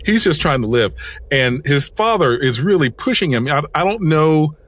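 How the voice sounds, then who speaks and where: Hesitant, fairly high-voiced man musing. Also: expressive, normal speed, fairly bright tone. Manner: reflective, hesitant, with fillers and self-corrections. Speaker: podcast co-host. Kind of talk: casual movie discussion.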